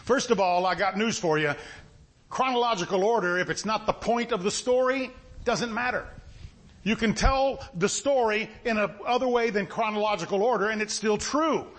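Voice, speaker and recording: A man's voice: high voice, normal speed, fairly bright tone. A man preaching a sermon in a folksy style, asking his listeners questions again and again. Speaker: pastor.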